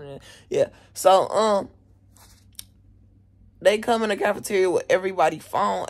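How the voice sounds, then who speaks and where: Indignant teenage girl with a gravelly voice. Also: fairly low pitch. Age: teens. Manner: animated, indignant, profane. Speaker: vlogger, student. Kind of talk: casual storytime vlog. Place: at home, bedroom.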